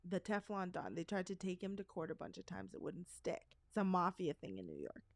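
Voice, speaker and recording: A woman's voice: lowish voice, big pitch swings, a little fast, creaky, no room sound. A middle-aged woman co-hosting a podcast, telling stories in a chatty, rambling way with asides. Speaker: podcast co-host. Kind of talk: casual chat.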